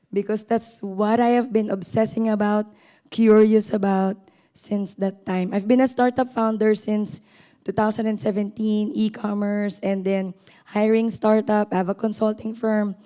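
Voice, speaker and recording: Hoarse woman from the Philippines. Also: mid-range voice, little pitch movement, a little slow, warm tone. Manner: earnest, repeats key points. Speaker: panel guest. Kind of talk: panel self-introduction.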